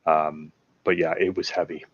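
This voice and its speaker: A man's voice: rumbling low, level tone, moderate pace. A man talking as a guest in a casual film chat, enthusiastic and digressive, eager to share trivia and props he has built. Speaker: podcast guest and prop builder. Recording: dull lo-fi sound.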